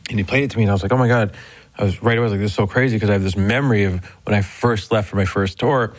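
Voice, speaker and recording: A man from New Jersey, a musician guest in a radio interview, telling a story in a quick, rambling way. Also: on the low side.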